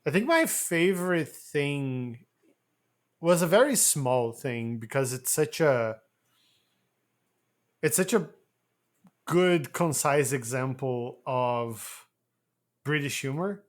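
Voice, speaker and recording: A man co-hosting a podcast, talking in a relaxed, rambling way and swearing casually. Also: mid-range voice, slow pace, long pauses. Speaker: podcast co-host. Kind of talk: casual chat.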